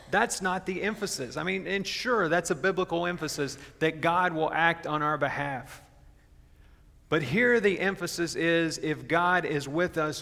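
A man preaching a sermon as pastor, earnest and slowing down to stress his key points. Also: a little high, fairly bright tone. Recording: long reverb of a large hall.

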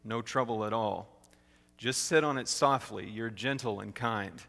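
A man's voice: lowish voice, a little slow, creaky, a bit bright. A man voicing a lazy, scheming female bird in a storybook read-aloud, with a sing-song, coaxing manner. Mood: wheedling. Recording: long hall reverb.

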